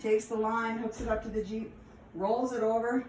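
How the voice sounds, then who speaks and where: A woman telling stories from her past in a casual, animated way, laughing and acting out the lines. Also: a little high, moderate pace, slight background noise. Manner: animated, laughing, acts out quotes. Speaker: storyteller. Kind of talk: casual storytelling. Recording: echoey room, distant mic.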